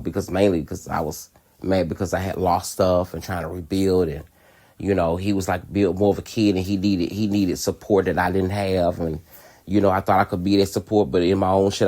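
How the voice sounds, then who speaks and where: A man with a lowish voice tells a personal story on his podcast. He talks casually and candidly, swears freely and laughs often. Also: darkish tone. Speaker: podcast host.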